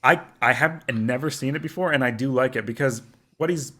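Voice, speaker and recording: A man's voice: mid-range voice, a little fast, sharp tone. A man co-hosting a gaming podcast in casual chat, often laughing and quoting others in playful voices. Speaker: podcast co-host.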